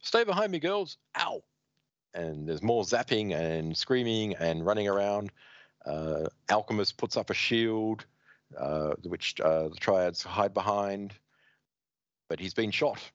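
A man hosting a podcast, reading a comic aloud and acting out the characters in a wry, steady way. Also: low-pitched, slow, no echo. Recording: dry, dull lo-fi sound.

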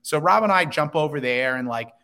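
Man, podcast guest, steady storyteller, somewhat high pitch. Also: brisk. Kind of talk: casual storytelling.

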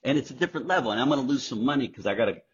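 A man guest on a podcast, telling candid, profane stories in a casual, animated way. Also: mid-range voice, very fast, breathy edge. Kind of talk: casual storytelling. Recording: dull lo-fi sound.

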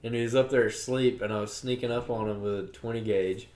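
A man's voice: fairly low pitch, fairly even intonation, quick pace, a little mellow, roomy sound. A young man co-hosting a hunting podcast, telling stories in an easygoing, matter-of-fact way. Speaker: podcast co-host. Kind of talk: casual chat.

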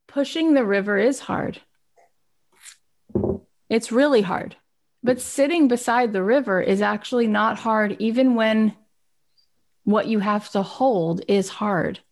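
A woman giving an expressive, animated motivational talk on personal growth. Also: a little high, takes it slowly, pauses often. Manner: expressive, acts out little scenes.

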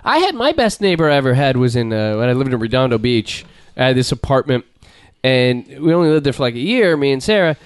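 A man co-hosting a casual podcast, telling profane, animated stories into a studio mic. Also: mid-range voice, fast talker, clean tone, no echo. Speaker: podcast co-host. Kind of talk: casual chat.

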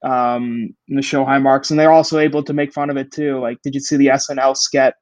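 A man's voice: medium pitch, little pitch movement, brisk, no echo, low-quality recording. A young adult man co-hosting a podcast, chatting casually with a hesitant, filler-heavy delivery. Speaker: podcast co-host. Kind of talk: casual chat.

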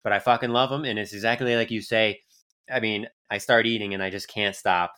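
Laid-back man, slightly low voice. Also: steady tone, brisk, sharp tone, clean tone. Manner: laid-back, rambling, with many fillers and restarts. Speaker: podcast co-host. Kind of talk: casual chat.

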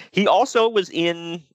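A man co-hosting a casual podcast chat, animated and jokey, slipping into mock voices. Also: on the high side, dry recording. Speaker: podcast co-host.

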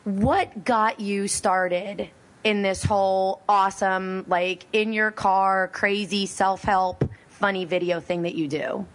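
A woman hosting a talk radio show, hoarse from losing her voice, chatting in a bubbly, giggly, rambling way. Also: mid-range voice, steady tone, slow. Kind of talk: casual radio show chat.

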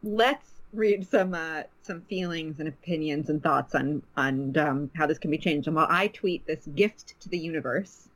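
A woman's voice: low-pitched, moderate pace, few pauses. Playful woman co-hosting a podcast. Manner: playful, teasing. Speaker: podcast co-host. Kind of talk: casual chat.

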